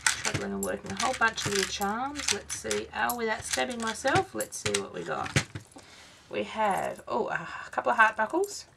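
A woman's voice: on the high side, big pitch swings, normal speed, gravelly, very noisy. A woman, tired and yawning, chatting through a craft unboxing vlog and exclaiming over each little item. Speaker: craft vlogger.

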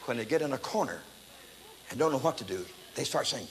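An older man preaching a testimony sermon, telling his story in an animated, dramatic way that breaks into loud exclamations. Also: medium pitch, quick pace. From United States. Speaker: evangelist preacher. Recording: echoey hall, faint background noise.

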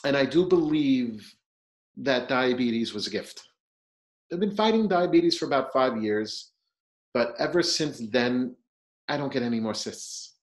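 A middle-aged man giving a personal testimonial, animated as he acts out the conversations he had. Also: mid-range voice, measured pace, rough recording. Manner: animated storyteller, acting out dialogue. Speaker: diabetes patient sharing his story.

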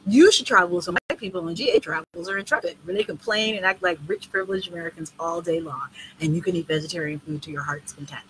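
A woman's voice: lowish voice, fast, few pauses, noisy background. Blunt, profane woman hosting a live Q&A. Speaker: tour organizer and host. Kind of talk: casual live video Q&A.

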